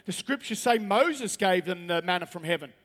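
A man's voice: high voice, expressive, normal speed, fairly bright tone, big-room sound. A man preaching a sermon as pastor, reading scripture aloud and then pressing his points with rising emphasis.

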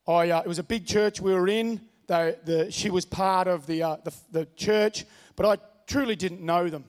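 A man's voice: high voice, normal speed, long reverb tail. A man preaching a sermon, telling a personal story in an earnest way and repeating his key phrases. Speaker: pastor.

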